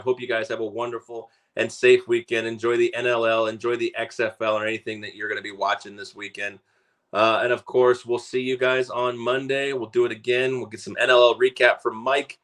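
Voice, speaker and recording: A man's voice: medium pitch, brisk. A man co-hosting a sports talk show, chatting casually and rambling with plenty of fillers. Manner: relaxed, rambling, frequent "uh" and "so". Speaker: radio show co-host.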